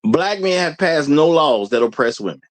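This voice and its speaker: Male live-stream host, casual and rhetorical, laughs a lot, animated intonation. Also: a little high, moderate pace. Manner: laughs often, repeats lines for emphasis; rhetorical, questions the audience. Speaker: show host.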